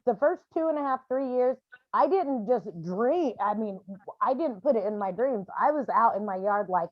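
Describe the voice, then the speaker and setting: Woman, medium, grief support call, animated storyteller, high-ish voice, muffled video-call audio. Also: measured pace, no echo. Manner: animated, acts out scenes in other voices. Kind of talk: casual video call counselling.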